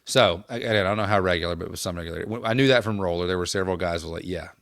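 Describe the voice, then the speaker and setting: Man, podcast co-host, animated storyteller, laughs a lot, lowish voice, dry sound. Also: very fast, gravelly, no echo. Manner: animated storyteller, laughs often, acts out quotes. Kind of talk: casual storytelling chat.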